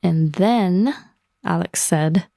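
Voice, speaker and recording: Japanese teacher, female, mellow gravelly tone, laughs easily, dry studio sound. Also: lowish voice, dry recording. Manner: explains words slowly, laughs often. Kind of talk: language lesson podcast.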